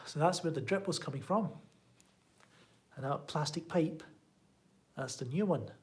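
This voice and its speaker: Husky Glaswegian man rambling on a stream. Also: a little high, animated, a little slow, a little mellow. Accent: Glaswegian Scottish. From Scotland. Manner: rambling, sardonic, reads chat aloud. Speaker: live stream host. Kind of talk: casual live stream chat. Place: home room.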